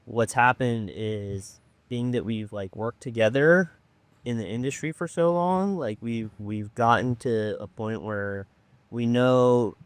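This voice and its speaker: A man's voice: medium pitch, slow, clean tone, no echo. A man from Orange County who runs a treatment program, telling a story in a rambling, laid-back way full of fillers. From Orange County, California. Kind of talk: casual storytelling on a podcast.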